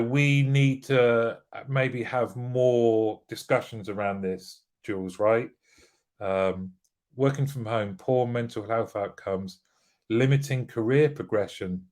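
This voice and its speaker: A British man hosting a casual live show, greeting viewers by name and joking as he reads their comments. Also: medium pitch. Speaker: livestream host.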